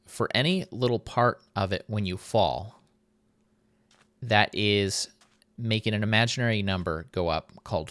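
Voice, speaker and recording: A man's voice: on the low side, fairly bright tone, no echo. A man casually commenting on his game experiments, easygoing, thinking aloud with small chuckles. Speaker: YouTuber showing a game map.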